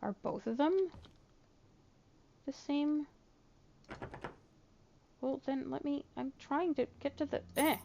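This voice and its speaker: Sleepy gravelly-voiced woman gamer. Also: high-pitched, warm tone, dull audio, slight background noise. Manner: thinks aloud, unhurried, reads with a measured tone. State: sleepy, yawning. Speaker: let's play gamer. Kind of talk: casual gameplay commentary, reading in-game letters aloud.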